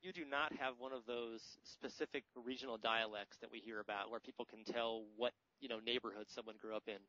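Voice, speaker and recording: A man's voice: mid-range voice, steady tone, a little fast, pushed and bright, no echo. An American man hosting a podcast in casual, joking, rambling chat. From United States. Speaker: podcast host. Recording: dry, slightly muffled podcast audio.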